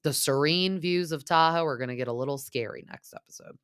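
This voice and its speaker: Very deep-voiced woman chatting casually. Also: a little fast, a bit bright, clean tone, no room sound, clean studio sound. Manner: chatty, filler-heavy, acts out quotes. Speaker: reality TV recap host.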